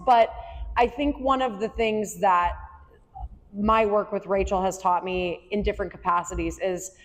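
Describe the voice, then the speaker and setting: Chatty woman guest in a reverberant room. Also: medium pitch. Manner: chatty, lots of "like" and "right?". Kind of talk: candid conversational talk. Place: room with a small audience.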